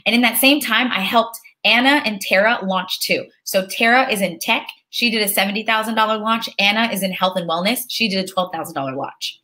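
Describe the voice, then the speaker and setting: A woman leading a live online webinar, energetic and chatty, calling for amens like a preacher and reading out audience names. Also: mid-range voice, brisk, few pauses. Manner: energetic, preacher-like call and response. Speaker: online course instructor.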